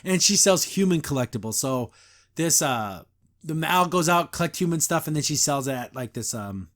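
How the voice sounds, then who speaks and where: A man's voice: fairly high pitch, animated, a bit bright. A middle-aged man hosting a podcast, reviewing a cartoon in casual, rambling chat full of "like" and "uh". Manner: rambling, lots of "like" and "uh", quick put-on voices when recapping scenes.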